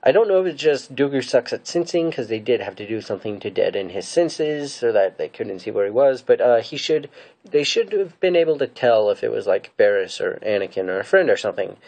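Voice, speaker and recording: A man's voice: medium pitch, lively intonation, a little fast, a little mellow. A man casually recapping and giving opinions on episodes of a show, rambling and hesitant with many fillers and restarts. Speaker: fan reviewer.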